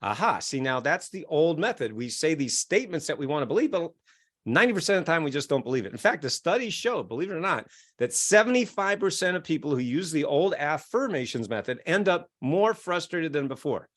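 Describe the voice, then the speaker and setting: Lively middle-aged man explaining with gusto. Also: a little high, a little fast. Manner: acts out quoted voices, chuckles often. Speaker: guest, self-help author and keynote speaker. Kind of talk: animated interview explanation.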